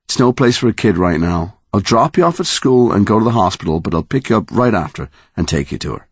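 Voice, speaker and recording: A man voicing a tired, grieving father who speaks quietly but firmly, in an audiobook. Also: on the low side, lively intonation, quick pace, husky, no echo, pitched above the performer's own voice. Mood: weary.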